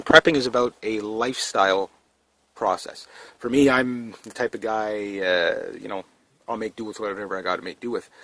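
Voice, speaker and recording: A man's voice: on the low side, a bit bright. A man vlogging casually to camera about prepping, talking in a rambling, down-to-earth way with lots of fillers and restarts. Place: indoors in a trailer.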